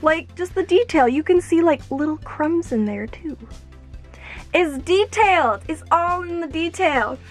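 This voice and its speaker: A young woman unboxing earrings at home, gushing and excitable, exclaiming often. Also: very high-pitched, a little slow, faint music behind. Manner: gushing, excitable, fillers like "oh my gosh". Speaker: YouTuber. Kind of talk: unboxing vlog.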